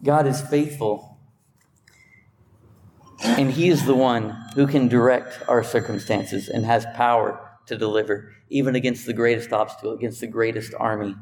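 A man preaching a sermon, emphatic, climbing higher when he drives a point home, sometimes stopping to correct himself as he thinks aloud. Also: fairly even intonation, normal speed, darkish tone, slight background noise. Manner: emphatic, rising in pitch when stressing a point; restarts and self-corrections while thinking aloud. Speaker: pastor.

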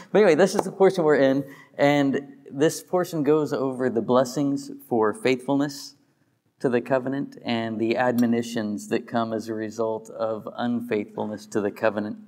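A man giving a relaxed sermon as a pastor, reading scripture aloud and chuckling at his own stumbles. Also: mid-range voice, long reverb tail.

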